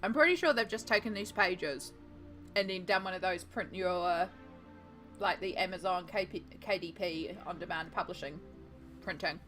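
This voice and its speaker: A woman's voice: fairly low pitch, normal speed, fairly bright tone. Casting: chatty woman, playful and teasing, art streamer, faint music behind. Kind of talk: casual chat while painting.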